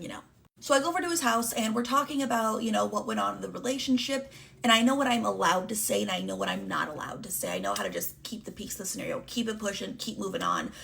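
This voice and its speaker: A woman's voice: medium pitch, vocal fry, fairly bright tone. A young adult woman from the Chicago area telling a personal story in a candid, rambling way with many fillers. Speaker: vlogger.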